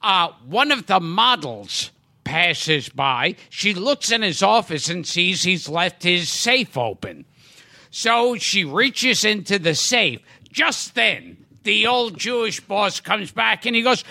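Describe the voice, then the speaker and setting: A male podcast host telling a long comedic joke in a halting, stammering way. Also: sits high, sing-song, vocal fry, pushed and bright.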